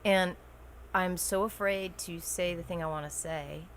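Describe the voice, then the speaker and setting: A woman talking as a podcast guest, hesitant and soft-spoken, sharing personal struggles. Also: fairly low pitch, steady tone, measured pace, a little hiss or hum. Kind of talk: casual conversation.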